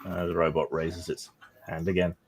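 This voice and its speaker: Low-voiced male game master. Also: moderate pace. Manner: relaxed narration with frequent fillers. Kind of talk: narrating a tabletop game.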